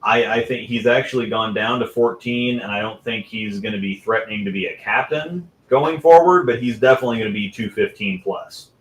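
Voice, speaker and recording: A man's voice: fairly low pitch, a little fast, few pauses, slight background noise. A man co-hosting a podcast in casual chat, rambling with many restarts and fillers. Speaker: podcast co-host. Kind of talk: casual chat about bowling. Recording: roomy echo.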